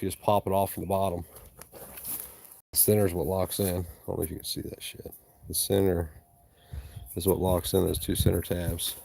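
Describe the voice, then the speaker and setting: A man's voice: low voice, creaky. Profane man vlogging outdoors. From East Tennessee. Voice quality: blunt, profane, rambling. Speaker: handyman vlogger. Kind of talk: casual chat while working. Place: outdoors at a rural work site. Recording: loud outdoor background noise.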